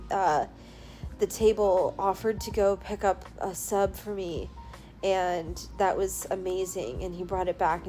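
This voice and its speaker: A young woman talks into her phone from a hotel bed, worn out but gushing, her sentences padded with "like" and quick asides. Her voice sits at an ordinary middle pitch for a woman, and a little music runs faintly underneath. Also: darkish tone. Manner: chatty, gushing, lots of "like" fillers. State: tired. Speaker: powerlifter vlogger. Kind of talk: casual vlog recap.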